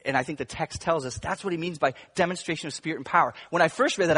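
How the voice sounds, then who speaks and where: A male pastor preaching a sermon, moving between hushed, intimate stretches and emphatic, raised passages. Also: a little high, fast, few pauses, breathy edge. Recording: long reverb of a large room.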